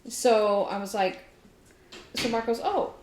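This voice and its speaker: Woman telling a lively story in a roomy space. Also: fairly high pitch, slow pace, slight background noise. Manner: animated storyteller, laughing often. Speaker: podcast co-host. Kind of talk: casual chat. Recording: roomy echo.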